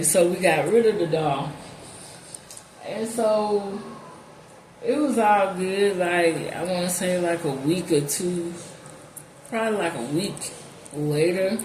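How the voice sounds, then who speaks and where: A woman's voice: lowish voice, a little mellow. A woman hosting her channel, telling a story casually, bluntly and with profanity, leaning on "like" a lot. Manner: heavy use of "like", blunt and profane. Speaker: channel host. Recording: echoey room, faint background noise.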